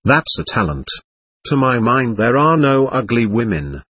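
A man's voice: medium pitch, sing-song, a little slow, fairly bright tone, husky, no room sound, full character voice. A man reading the part of a drunken, lecherous old man who rambles and needles his sons. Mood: leering. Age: older.

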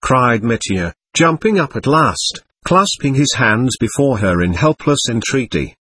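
A man narrating a classic novel as an audiobook, with expressive, dramatic storytelling. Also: medium pitch, a little slow, hardly any pauses, husky, no echo.

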